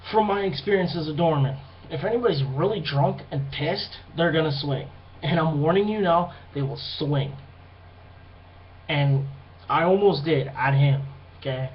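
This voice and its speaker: Profane high-voiced man ranting a story. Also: highs cut off, slight background noise. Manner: profane, rambling, animated retelling. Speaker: vlogger. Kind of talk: casual storytelling monologue.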